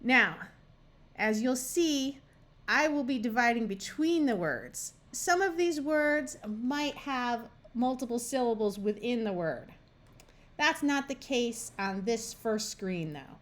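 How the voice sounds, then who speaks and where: In a slow, careful phonics lesson, an American woman tutoring reading speaks expressively in a slow, fairly high voice. She goes through sounds and words one by one with patience.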